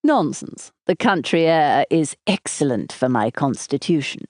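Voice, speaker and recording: A woman's voice: sits low, big pitch swings, measured pace, a little mellow, no room sound, studio quality, exaggerated voice. A woman voicing a charming, teasing husband in his thirties for an audiobook, speaking in a light, playful and affectionate way.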